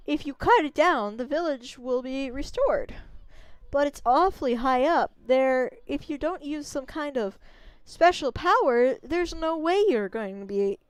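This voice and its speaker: A woman voicing a tiny, cocky male wandering artist who brags loudly and gets excited fast, reading game dialogue aloud. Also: high voice, clear, resonant tone, no room sound, voice pushed up. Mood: puzzled. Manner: brash, bragging, excitable.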